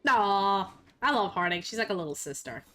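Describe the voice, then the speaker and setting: A woman's voice: mid-range voice, animated, moderate pace, sharp tone, soft background music. A young woman streaming a video game, chatting casually in a playful, joking way and swearing freely. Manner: playful, swearing, laughing often. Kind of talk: casual gaming commentary.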